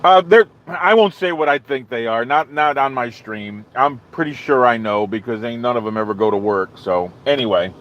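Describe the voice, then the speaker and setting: A man hosting a live stream, telling a long story to his chat in a rambling, animated way and acting out his own quotes. He is not from the American South. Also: mid-range voice, moderate pace, hardly any pauses, muffled recording, a little hiss or hum.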